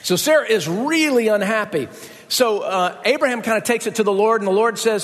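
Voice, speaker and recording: A man preaching a sermon as a pastor, telling the story in a relaxed conversational way and often checking in with listeners by asking "right?". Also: sits high, a little fast, in a large hall.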